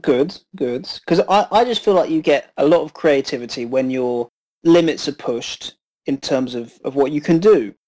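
A man co-hosting a film podcast, reviewing in a measured, hesitant way with frequent ums. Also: a little high, darkish tone, rough recording.

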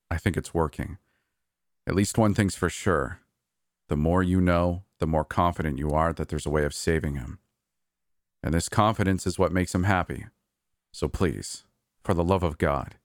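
A man's voice: sits low, normal speed, long pauses, no echo. A man voicing a guarded middle-aged park manager who speaks dryly and bluntly. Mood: grave. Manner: dry, quiet, blunt.

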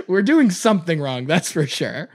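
A man from Chicago with a somewhat high voice and a Chicago accent hosts a comedy podcast. He rambles through stories, laughs mid-sentence and slips into mocking quotes. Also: sing-song, measured pace, husky. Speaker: podcast co-host. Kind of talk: casual comedic chat.

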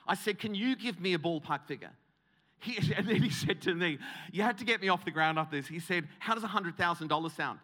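A man's voice: high-pitched, bright, forceful tone. A man preaching a comic sermon story, self-mocking and full of restarts. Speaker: guest preacher.

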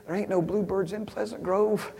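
A man preaching a sermon as a story, swinging from hushed asides to loud, emphatic bursts. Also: sits high, fairly even intonation, normal speed, creaky. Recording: long hall reverb.

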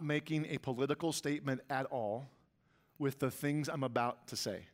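A man's voice: mid-range voice, fairly even intonation, moderate pace. A man preaching a sermon as pastor, with emphatic delivery that rises and swells on key lines.

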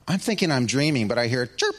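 A middle-aged man preaching a sermon, telling a story with big swings between loud excitement and hushed asides. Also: mid-range voice, quick pace. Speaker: pastor.

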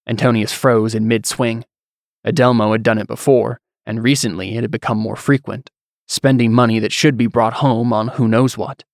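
A man reading fantasy fiction as narrator, in a measured storyteller's way. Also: mid-range voice, steady tone, no room sound, clean studio sound.

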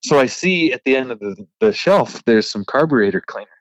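A trucker hosting a podcast tells an animated, frustrated story in casual chat, laughing now and then. His mid-range voice is brisk, and the remote recording sounds lo-fi with no room sound.

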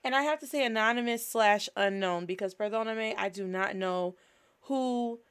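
A woman's voice: medium pitch, normal speed, smooth. A woman hosting a language lesson in a casual, upbeat teaching style, moving between English and Spanish. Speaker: host.

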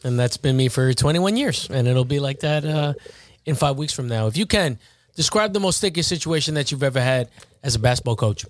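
A man's voice: medium pitch, animated, brisk. A man hosting a podcast, asking questions and reacting in a casual, friendly chat. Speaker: podcast host.

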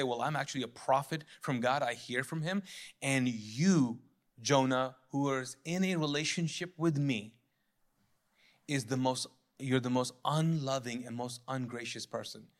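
Speaking at a medium pitch, a pastor keeps his sermon lively and informal. He jokes, chuckles at his own lines, and voices biblical figures as he goes.

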